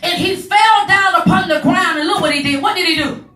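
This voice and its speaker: High, bright woman preaching in an echoey hall. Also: far from the mic, faint music behind. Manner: builds from low, measured teaching to shouted, rising preaching. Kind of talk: sermon.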